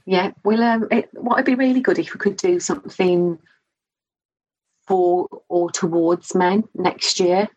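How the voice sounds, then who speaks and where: A woman guest talks in friendly, slightly hesitant conversation on a podcast. Her voice is fairly low and husky. She fills pauses with small hesitations. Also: steady tone, a little mellow, highs cut off. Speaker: guest, mental health trainer. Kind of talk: casual interview chat.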